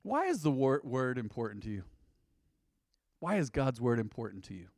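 A man preaching a sermon to his congregation, animated and conversational, with sudden loud emphasis. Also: medium pitch, normal speed, no echo, clean studio sound. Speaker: pastor. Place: church sanctuary.

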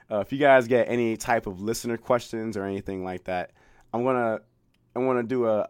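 A man's voice: fairly low pitch, clean tone, no echo. A man in his twenties hosting his own podcast, telling a rambling, profane story and laughing at himself. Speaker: podcast host. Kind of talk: casual solo podcast storytelling.

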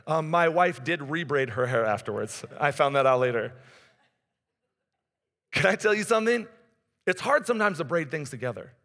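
A man's voice: on the high side, lively intonation, moderate pace, pauses often, fairly bright tone. A man in his forties preaching a conversational sermon in a church. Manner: conversational preaching, rises and drops in intensity. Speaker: pastor. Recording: long hall reverb.

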